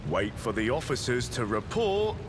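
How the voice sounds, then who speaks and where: A man's voice: mid-range voice, sing-song, normal speed, lightly acted. An actor voicing a pale, white-haired old ship's helmsman, anxious and pious, with an overdone put-on British accent that stresses each word. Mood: urgent. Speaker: video game voice actor. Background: game music.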